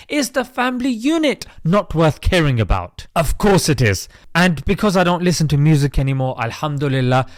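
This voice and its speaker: A man's voice: high voice, no room sound, studio quality. A British man hosting an opinion commentary vlog, preachy and chatty, calling his viewers mate. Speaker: host.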